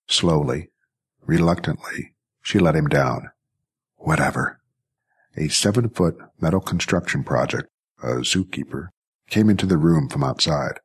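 Deep, husky male story narrator. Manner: steady, even storytelling. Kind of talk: scripted audiobook narration.

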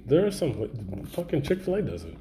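Animated cursing man in an echoey room. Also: a little high, a little fast, noisy background. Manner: animated, swearing, talks over others. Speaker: podcast co-host. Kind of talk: casual chat.

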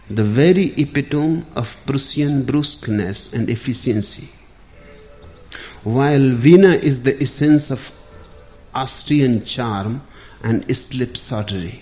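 A man giving a spiritual discourse in a measured, deliberate storytelling manner. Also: medium pitch, warm tone. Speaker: spiritual teacher.

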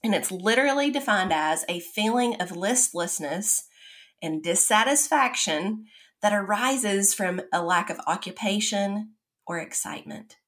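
A woman's voice: medium pitch, animated, a little slow, fairly bright tone. A woman co-hosting a casual podcast chat, speaking in a conversational tone and explaining things with enthusiasm. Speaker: podcast co-host.

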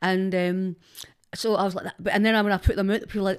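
A woman's voice: mid-range voice, little pitch movement, quick pace, clear, resonant tone. A Glaswegian woman in casual chat as a podcast guest, chatty, self-mocking and full of swearing. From Scotland. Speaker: social media personality, podcast guest.

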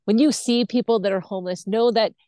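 Speaking fairly quickly at medium pitch, the podcast guest tells her personal tale with animated bluntness. She voices the other characters and swears freely. The recording is dry.

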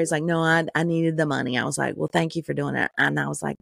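A middle-aged woman co-hosting a podcast, telling an animated story full of profanity in casual chat. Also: low-pitched, quick pace, gravelly, few pauses, no echo, studio quality. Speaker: podcast co-host.

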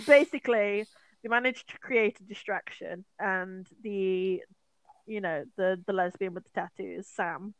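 This medium-pitched podcast co-host goes over a horror movie at a measured pace, in a casual, lively, profane style. She acts out what the characters say. The recording has no room sound but is rough.

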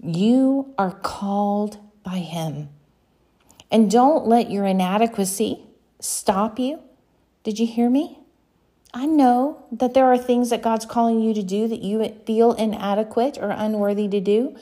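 A woman delivers an earnest sermon, speaking directly to her listeners and pressing them with questions. Her voice is mellow and fairly high, and she speaks slowly and deliberately. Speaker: preacher.

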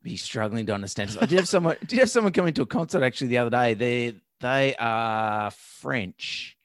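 An Australian man co-hosting a podcast, bantering in a casual, lively way. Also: medium pitch, brisk, dry recording, studio quality. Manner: animated banter, says mate. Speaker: podcast co-host. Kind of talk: casual chat.

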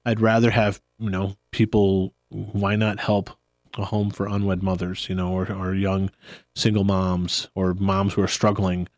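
Low-voiced man hosting a podcast. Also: a little slow, no echo, studio quality. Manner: relaxed, rambling, laughs often. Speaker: podcast host. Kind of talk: casual chat.

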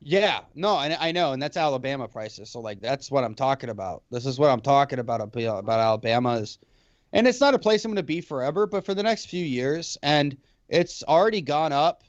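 A man co-hosting a casual podcast, swearing freely and talking in animated runs. His voice sits at an ordinary middle pitch. The sound is dry and a little dull. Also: brisk, dry recording. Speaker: podcast co-host. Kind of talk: casual chat. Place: lives in Alabama.

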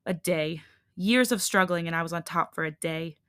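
A woman's voice: lowish voice, normal speed, a bit bright, clean tone, no room sound, clean studio sound, natural voice. A woman reading a defiant, bitter female hybrid leader in a scornful, clipped voice.

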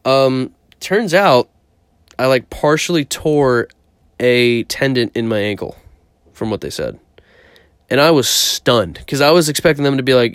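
A man's voice: mid-range voice, lively intonation, a little slow, smooth, no echo, studio quality. A young man casually telling a story about himself, rambling, swearing often and poking fun at himself. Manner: profane, rambling, self-mocking.

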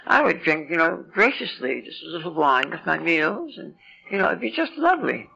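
A woman's voice: low voice, sing-song, normal speed, gravelly, sharp tone, breathy edge. A woman in her eighties telling her recovery story at a meeting, rambling and self-mocking, with wry asides. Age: 80s. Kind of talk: personal recovery story talk. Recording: lo-fi 1990s meeting tape.

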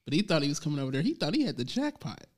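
A man's voice: fairly high pitch, very animated, very fast, darkish tone. Guy on a podcast telling a story, chill, voice bouncing up and down. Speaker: podcast co-host. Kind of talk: casual chat.

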